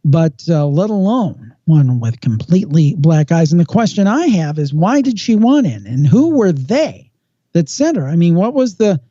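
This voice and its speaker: A man with a very dark, mellow voice spins a creepy story, slowing down and leaning on the tense moments. The sound is dry and a little dull, like a lo-fi podcast recording. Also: fairly high pitch, very animated, dry recording. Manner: measured storyteller with slow dramatic pauses. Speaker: paranormal podcast guest host.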